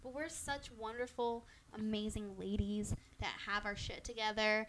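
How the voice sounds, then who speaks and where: A woman's voice: medium pitch, fairly even intonation, moderate pace, noisy background. A woman co-hosting a casual podcast, trading brash, joking banter. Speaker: podcast co-host.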